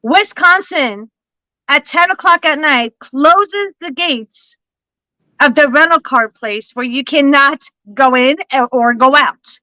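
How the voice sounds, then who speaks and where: A woman hosting a live stream, telling a long story in a loose, animated way and swearing freely. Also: sits high, slow, no room sound, low-quality recording. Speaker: livestream host and psychic reader. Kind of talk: casual storytelling chat.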